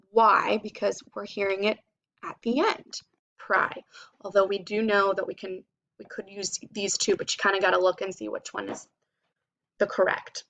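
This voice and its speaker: A woman teacher giving a phonics lesson to children, spelling out sounds slowly and clearly. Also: medium pitch, fairly bright tone, dull audio.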